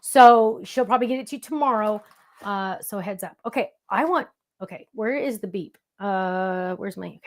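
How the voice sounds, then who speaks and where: A woman's voice: mid-range voice, moderate pace. A woman hosting a live craft demonstration, chatting playfully with viewers in the chat as she works. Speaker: crafting show host.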